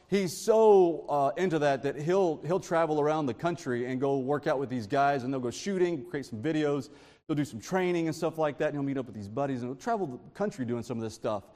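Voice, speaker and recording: A man preaching a sermon in an informal, animated storytelling way from a church sanctuary. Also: fairly high pitch. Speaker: pastor. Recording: long reverb of a large hall.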